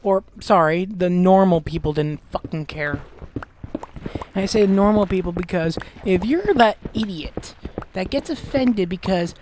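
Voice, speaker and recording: A woman hosting a gaming video goes off on an exasperated, profanity-laced rant. Her voice sits at an ordinary middle pitch. A faint noise runs under the recording. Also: a little slow, a little mellow. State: gassy, clearing throat. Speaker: Let's Play host. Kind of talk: ranting commentary over gameplay.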